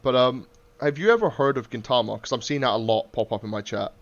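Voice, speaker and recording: Swearing, animated man. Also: mid-range voice, fast. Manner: animated, swears freely, acts out quotes. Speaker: podcast host. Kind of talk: casual chat. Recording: muffled lo-fi podcast audio.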